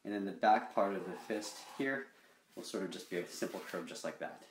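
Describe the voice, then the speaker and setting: A man with a fairly low voice walks through a drawing lesson one stroke at a time, in an easy, unhurried way. He often checks in with a quick "okay?". The sound is roomy and echoey, with a faint hiss behind it. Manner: relaxed, talks through each stroke with frequent "okay?". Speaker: drawing instructor.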